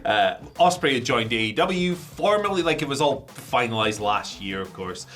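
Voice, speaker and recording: A man's voice: medium pitch, animated, moderate pace, fairly bright tone. A man co-hosting a wrestling news show, chatting casually and rambling with jokes.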